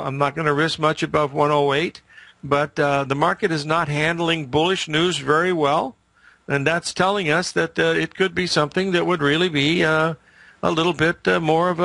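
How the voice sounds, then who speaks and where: A man's voice: fairly high pitch, creaky, fairly bright tone, no echo. An older man hosting a market show, telling rambling, emphatic stories in casual commentary.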